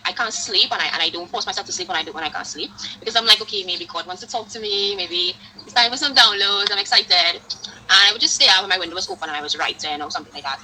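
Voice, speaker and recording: A woman hosting a casual interview, talking in a lively storytelling way full of "like" fillers. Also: lowish voice, a little hiss or hum, rough recording. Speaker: podcast host.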